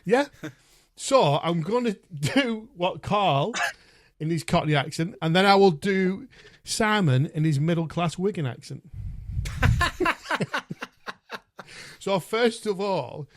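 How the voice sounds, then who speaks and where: A man hosting a podcast in casual chat, with a fairly high voice. He is chatty and laughs at himself, and swears freely as he reviews albums. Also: lively intonation, takes it slowly, pauses often. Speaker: podcast host.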